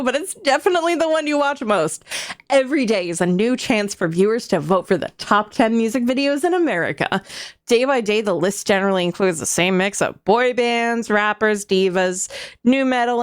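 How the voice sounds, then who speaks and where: A woman streaming a game, reading its narration aloud with a wry, playful manner. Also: a little high.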